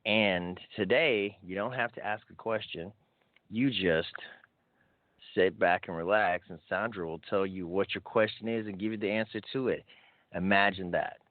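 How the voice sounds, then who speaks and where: A man's voice: low voice, fairly even intonation, normal speed, no echo. A man hosting a call-in radio show, chatty and upbeat, often restarting his sentences. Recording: thin phone-like audio.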